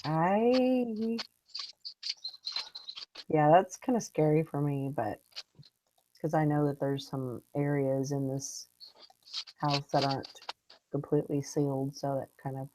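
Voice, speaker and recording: A woman's voice: low voice, slow, pauses often, noisy background. A woman hosting a morning online hangout, chatting casually and telling stories in a rambling way with restarts. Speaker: host of a morning hangout show. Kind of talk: casual chat. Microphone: online video hangout.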